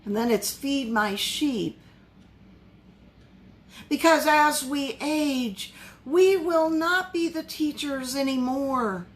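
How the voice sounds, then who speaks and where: A woman's voice: high-pitched, slow. A woman pastor leading a Bible study in a conversational way, often asking her listeners questions.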